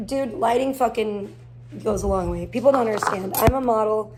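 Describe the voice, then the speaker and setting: A woman's voice: a little high, a little fast, noisy background. A young woman livestreaming from her garage, rambling and swearing heavily in casual chat. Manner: heavy swearing, rambling and animated. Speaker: livestream host. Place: garage at home.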